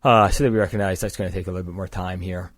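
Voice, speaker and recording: A man's voice: deep voice, steady tone, rapid-fire, a little hiss or hum. An older man from the East Coast of the United States, a guest on a podcast, telling a long story in a matter-of-fact way. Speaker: guest, climbing gear company founder. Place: indoors across a table.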